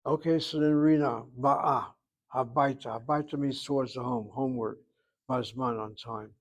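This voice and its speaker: An older man teaches a Hebrew class, patiently walking through the grammar step by step and repeating words slowly. He speaks at a medium pitch with a steady tone.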